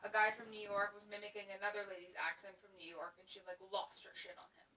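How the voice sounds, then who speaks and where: A woman's voice: mid-range voice, steady tone, fast, bright, forceful tone. A woman chatting casually and telling an anecdote in a podcast conversation. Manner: chatty storyteller. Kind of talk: casual chat. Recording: distant mic, faint noise.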